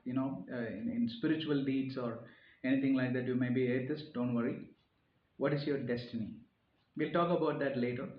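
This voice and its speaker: A man's voice: medium pitch, reverberant, phone-quality sound. A man giving an earnest, sermon-like reflection, often repeating phrases and pushing his key points harder. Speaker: speaker giving a reflective talk. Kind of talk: informal sermon-style reflection.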